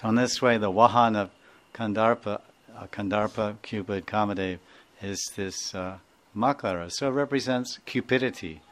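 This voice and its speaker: A man's voice: lowish voice, moderate pace. A man giving a devotional lecture, digressive and prone to laughing, who acts out sounds as he goes. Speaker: spiritual teacher.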